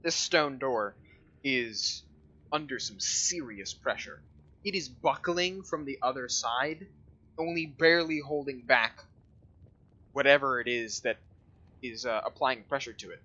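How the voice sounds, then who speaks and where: A man's voice: mid-range voice, measured pace, sharp tone, dull audio. A man narrating a tabletop game as game master, describing scenes and rules in an explanatory way with frequent fillers.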